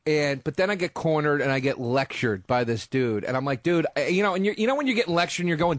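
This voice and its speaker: A man's voice: fairly high pitch, expressive, fast talker, few pauses, no echo. A man comedian telling his side of a story on a radio show, defensive and exasperated. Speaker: comedian guest.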